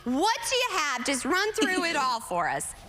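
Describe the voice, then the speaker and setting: Bubbly high-voiced woman TV host. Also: huge pitch swings, moderate pace, bright, forceful tone, slight background noise. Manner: bubbly and enthusiastic. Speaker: TV talk show host. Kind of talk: upbeat morning show interview.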